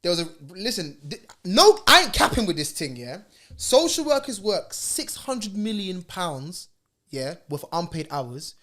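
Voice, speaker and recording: A man's voice: high-pitched, sing-song, unhurried, pushed and bright. A man co-hosting a casual podcast, making emphatic points full of slang and figures. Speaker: podcast co-host. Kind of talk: casual chat.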